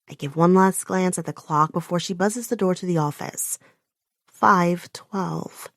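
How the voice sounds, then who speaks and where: A woman narrating a first-person audiobook with intense, emotional delivery and sharp outbursts. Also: medium pitch, no room sound, clean studio sound.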